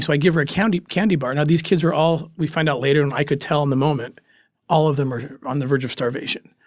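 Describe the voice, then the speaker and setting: A man, a former special agent, telling a personal story as a guest in an interview, earnest and emotional, with pauses and restarts. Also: on the high side, no echo, studio quality.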